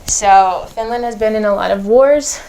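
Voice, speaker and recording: A young woman, a missionary, casually telling an anecdote in a lively, amused way. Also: mid-range voice, moderate pace, slight background noise. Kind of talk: casual storytelling.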